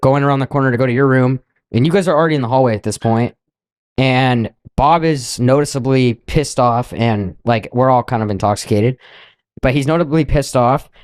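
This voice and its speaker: A man's voice: medium pitch, brisk, clear, resonant tone, no room sound. A young man co-hosting a podcast, casually retelling a night out in a loose, profane way with quoted asides. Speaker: podcast co-host. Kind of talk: casual storytelling.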